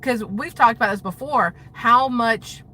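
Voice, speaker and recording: A middle-aged woman vlogging casual political commentary, rambling and exasperated, jumping between thoughts as she talks fast. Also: on the high side, crowd noise.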